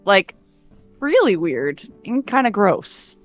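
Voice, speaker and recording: A woman's voice: mid-range voice, big pitch swings, slow, faint music behind. Woman doing an awkward, grossed-out nerdy boy. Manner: grossed-out, defensive.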